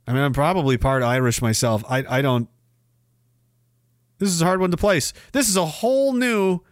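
Guy ranting on his stream, mocking and swearing a lot, dry mic, kinda high pitched. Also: a bit bright, no echo. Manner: profane, sneering and mocking. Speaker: livestream host. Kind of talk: livestream reaction commentary.

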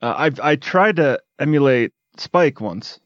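Easygoing podcast co-host, dry muffled audio. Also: male voice, medium pitch, expressive, unhurried, no room sound. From Wisconsin. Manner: easygoing, swears casually. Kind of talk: casual podcast chat.

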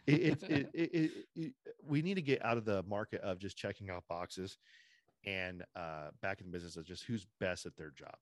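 A man's voice: low-pitched, moderate pace, no echo, studio quality. A man hosting a podcast in casual chat, opinionated and rambling, restarting his sentences often. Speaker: podcast host.

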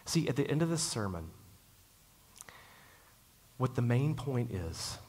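A man preaching a sermon in a conversational, storytelling way, slowing down to stress key lines. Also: medium pitch, very animated, darkish tone, slightly rough. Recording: long hall reverb.

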